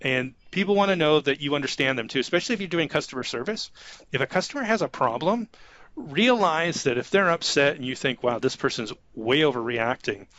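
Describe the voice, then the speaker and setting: A man who manages an IT staff, talking informally about soft skills and acting out example conversations with a light chuckle. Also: medium pitch, muffled recording. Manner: conversational, acts out example dialogues, chuckles often. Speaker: IT manager giving career advice.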